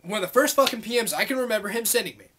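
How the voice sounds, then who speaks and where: A YouTuber venting in a long monologue to camera, heated and rambling, packed with swearing and loose fillers. The voice sits at a middling pitch. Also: very fast, fairly bright tone, slight background noise. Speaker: YouTube vlogger. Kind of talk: angry monologue rant to camera.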